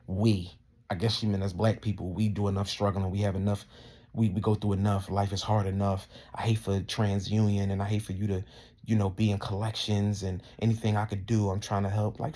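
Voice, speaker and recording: A man's voice: lowish voice, a little mellow. A man ranting heatedly and indignantly, full of profanity, his voice climbing as he gets worked up. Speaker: vlogger. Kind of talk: casual profane rant to camera.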